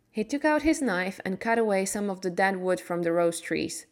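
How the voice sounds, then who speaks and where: A woman reading a graded storybook aloud for English learners, clearly and a little slower than everyday speech. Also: mid-range voice, expressive. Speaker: podcast reader.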